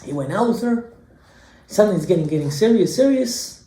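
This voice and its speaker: A male rabbi giving a sermon, telling a story and swinging between hushed lines and emphatic ones. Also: high voice, expressive, fairly quick. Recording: echoey room.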